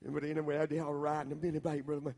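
A man with a Southern American accent who preaches a storytelling sermon. He talks straight to the listeners in a folksy way, and at times his voice builds into shouting. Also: fairly high pitch, monotone, racing, in a large hall. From Southern United States.

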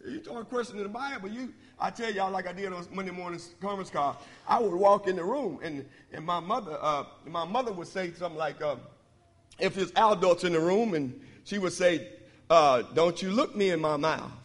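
Brisk and emphatic, a high-voiced preacher leads call-and-response, leaping from loud statements to hushed asides. His sermon rings out in a church sanctuary, trailed by long reverb.

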